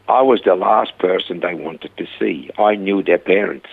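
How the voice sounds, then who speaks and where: An older man with a gravelly, husky voice tells his stories with animation, his pitch jumping up whenever he acts out his own words. He comes through a thin, tinny phone line. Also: normal speed, few pauses. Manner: animated retelling, voice rising when quoting himself. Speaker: guest, rehab centre founder. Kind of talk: storytelling in a conversation.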